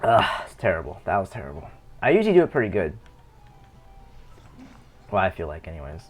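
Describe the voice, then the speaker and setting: A man's voice: sits low, sing-song, fairly quick, faint music behind. A young man chatting casually on a live game stream, rambling and correcting himself as he plays. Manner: rambling, self-correcting, chuckling. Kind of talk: casual live-stream chat while gaming.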